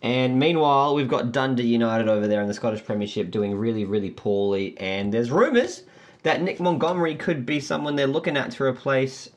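A man's voice: medium pitch, fairly even intonation, brisk. A man hosting a casual sports podcast, chatty and full of questions. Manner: chatty, laughing, asks questions. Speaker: podcast host.

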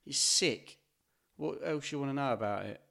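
A man's voice: medium pitch, normal speed, vocal fry, bright, forceful tone. A man, co-hosting a podcast, blunt and jokey as he argues about films, swearing freely. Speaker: podcast co-host. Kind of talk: casual banter about films.

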